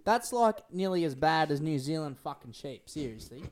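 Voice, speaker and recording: Man co-hosting a casual podcast, fairly high voice, brash, swearing, joking. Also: lively intonation, normal speed, a little hiss or hum. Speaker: podcast co-host, quiz contestant. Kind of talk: casual chat.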